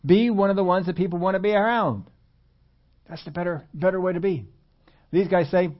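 A man preaching a conversational sermon, at times rising loud and emphatic. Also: high voice, brisk, muffled recording. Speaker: pastor.

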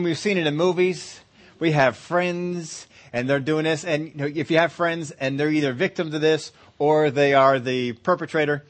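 A man preaching a sermon. He talks conversationally, laughs easily and acts out little scenes. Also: a little high. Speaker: pastor.

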